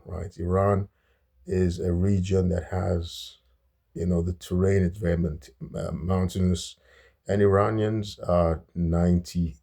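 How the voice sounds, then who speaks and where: A man's voice: deep voice, gravelly, mellow, slightly rough. A man hosting a casual, unscripted history talk, with many fillers and restarts.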